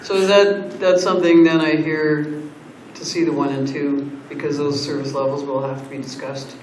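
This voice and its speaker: A man with a slightly raised pitch speaks earnestly at a council budget meeting, often restarting his sentences mid-thought. The chamber gives his voice a roomy echo. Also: little pitch movement, normal speed, darkish tone, recorded from a distance, a little hiss or hum. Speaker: council member.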